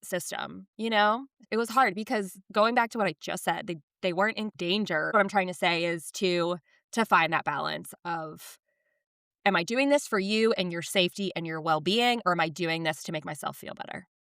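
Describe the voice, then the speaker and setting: A woman in her thirties chats on a podcast with a bright, forward tone. She tells stories with lively energy and acts out what others said. The sound is close and dry. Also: on the low side, normal speed, gravelly, clear, resonant tone, no echo. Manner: animated storytelling, acts out quotes. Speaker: podcast co-host. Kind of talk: casual podcast chat.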